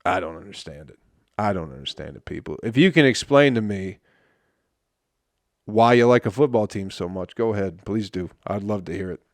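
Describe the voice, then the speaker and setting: A male comedian hosting a solo podcast, ranting in an exasperated, profane way with sudden loud outbursts. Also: on the low side, expressive, moderate pace, no echo. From Flint, Michigan.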